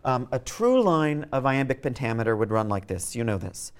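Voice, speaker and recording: Animated male lecturer with a lively voice. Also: mid-range voice, moderate pace, smooth. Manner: animated, thinking aloud with frequent restarts and repeated words; reads verse aloud and taps out meter with spoken beats. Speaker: literature lecturer. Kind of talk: university lecture.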